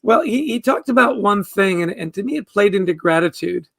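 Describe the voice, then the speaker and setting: A man's voice: high voice, animated, fairly quick, gravelly, a bit bright, no echo. A man who is a guest author, talking earnestly in a podcast interview and often repeating words as he starts a thought.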